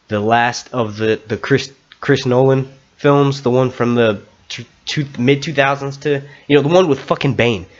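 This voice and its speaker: A man's voice: medium pitch, lo-fi sound. A man hosting a live stream in a casual, rambling way, swearing and restarting his sentences often.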